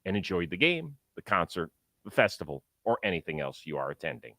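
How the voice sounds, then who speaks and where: A man's voice: sits low, big pitch swings, a little fast, a bit bright, no echo. A man hosting a sports talk show, chatting about baseball in an enthusiastic, joking way and reading ads. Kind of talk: casual sports talk and ad read.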